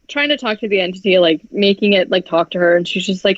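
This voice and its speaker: A woman's voice: medium pitch, fast talker, hardly any pauses, no room sound. A woman co-hosting a podcast who recaps a movie in casual chat, talking with heavy "like" filler and frequent swearing. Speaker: podcast co-host. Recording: dry, dull lo-fi podcast audio.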